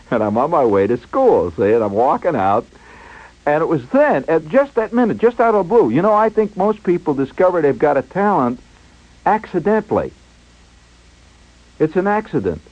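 A man hosting a radio show, telling a personal story in an animated way, chuckling and imitating sounds as he goes. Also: fairly high pitch, moderate pace, lo-fi sound. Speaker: radio host. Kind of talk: storytelling monologue on air.

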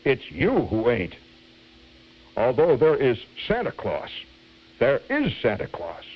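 A man's voice: medium pitch, huge pitch swings, slow pace, husky, pitched above the performer's own voice, exaggerated voice. A man voicing an angry old Santa Claus in a grave, scolding tone, on a dull lo-fi radio recording. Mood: stern.

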